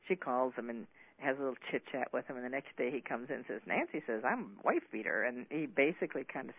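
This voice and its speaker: A man's voice: medium pitch, fairly even intonation, fast talker, slightly rough. Man telling a story over narrow radio audio. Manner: frank, conversational. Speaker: counselor leading a men's group.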